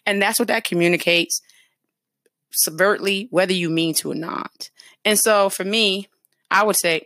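A woman with a mid-range, slightly bright voice talks at a normal speed in a dry, studio-quality recording. She hosts a talk show, chatting casually about dating and acting out sample conversations as she gives advice.

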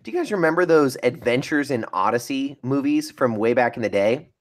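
A man's voice: medium pitch, lively intonation, brisk. A man in a casual theology chat, talking reflectively and recalling how he pictures a scene. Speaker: podcast co-host.

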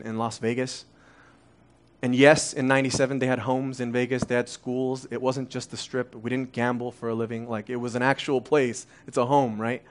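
A man in his thirties, originally from Korea, preaching a conversational sermon full of rhetorical questions. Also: mid-range voice. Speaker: pastor.

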